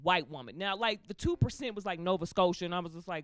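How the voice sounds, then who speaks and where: Animated woman telling stand-up stories. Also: on the low side, fast talker, dry recording. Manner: animated storytelling, acts out voices of people in the story. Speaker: stand-up comedian. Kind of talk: stand-up comedy set.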